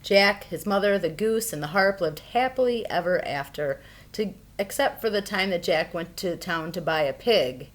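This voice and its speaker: A woman reading a fairy tale aloud for children, expressive and playful. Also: on the low side, normal speed, few pauses. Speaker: storyteller. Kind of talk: children's storybook read-aloud.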